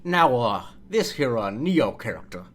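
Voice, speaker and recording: A man voicing a Deep South tobacco executive with a put-on Southern drawl, slow and hesitant with drawn-out "uh"s. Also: sing-song. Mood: musing.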